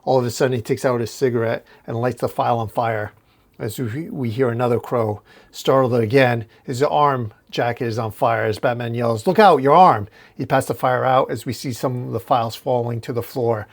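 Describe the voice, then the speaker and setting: Brief: male host retelling a comic issue, casual and descriptive, medium-pitched voice. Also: fairly even intonation, moderate pace, vocal fry. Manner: recounts panel by panel, casual restarts. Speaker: comic book recap host.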